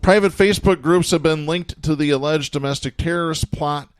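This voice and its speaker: A man's voice: a little high, fairly quick, clean tone, dry recording. A man hosting a political podcast, reading news stories aloud with sardonic chuckles in a casual, talky way. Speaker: podcast host.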